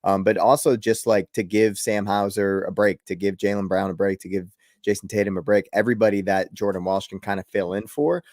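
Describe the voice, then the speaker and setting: A man's voice: fairly low pitch, fairly quick, dry recording, clean studio sound. A young man from the Boston area, co-hosting a casual sports chat in a rambling, laughing way. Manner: relaxed, rambling, laughs often. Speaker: podcast co-host.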